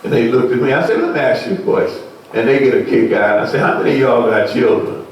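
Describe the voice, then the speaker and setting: A male pastor preaching a sermon, asking the congregation questions and rising to shouted peaks. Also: medium pitch, quick pace. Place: church sanctuary. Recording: echoey church sound from far off.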